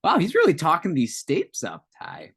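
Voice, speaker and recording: A man's voice: a little high, huge pitch swings, normal speed, creaky, fairly bright tone, slightly rough. A man co-hosting a casual podcast, reading notes aloud with joking asides and tangents. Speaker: podcast co-host.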